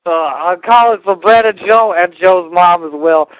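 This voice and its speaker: A man's voice: sits high, normal speed, noisy background, lightly acted. A man leaving a voicemail while doing an impression of a famous elderly comedian, rambling and hesitant. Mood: prankish. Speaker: voicemail caller. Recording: muffled voicemail recording.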